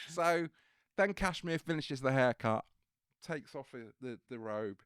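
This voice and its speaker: A male photographer, a guest, telling a lively anecdote in casual conversation and acting out the people he quotes. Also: mid-range voice, unhurried, clean tone, dry recording, studio quality.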